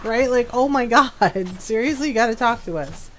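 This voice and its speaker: Laughing, animated woman telling a story. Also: on the high side, moderate pace, slight background noise. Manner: animated storytelling, laughs often, acts out quotes. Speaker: streamer. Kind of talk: casual chat while gaming.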